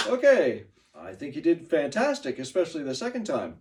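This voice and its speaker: A man's voice: a little high, huge pitch swings, normal speed, far from the mic, very noisy. A man teaching a class, praising students by name and giving pronunciation feedback.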